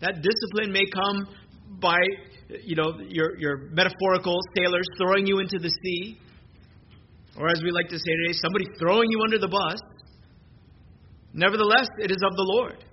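A man's voice: sits high, fairly even intonation, a little fast. A man preaching a sermon in an earnest way, often repeating words as he restarts his sentences. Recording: muffled lo-fi sermon recording with background noise.

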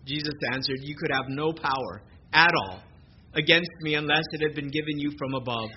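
A man preaching a sermon at a church service, reading scripture in a measured way and slowing down for emphasis. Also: a little high. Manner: measured preaching, slows for emphasis, occasional fillers. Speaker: pastor. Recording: dull lo-fi recording with noise.

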